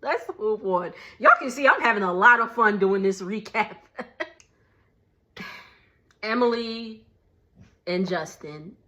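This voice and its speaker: A young adult woman chatting casually through a reality TV recap, animated and laughing often. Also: medium pitch, slow pace, long pauses.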